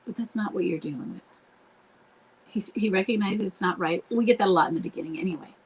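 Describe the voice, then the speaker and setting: Streaming live from home, a woman coaches spouses through viewer questions, talking with earnest directness and pausing to role-play what to say. She has a mid-range voice, and the recording is poor with slight background noise.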